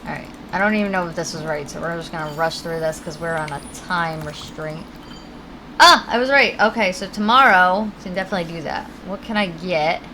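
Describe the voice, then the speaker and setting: A game streamer with a Connecticut accent talks in a lowish, brisk voice over background noise. She chats casually and rambles while playing a video game, reading her chat aloud and swearing now and then.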